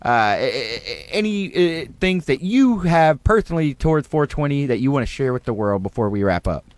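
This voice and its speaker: A man hosting a comedic guessing game, upbeat with short quick prompts. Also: mid-range voice, big pitch swings. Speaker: host.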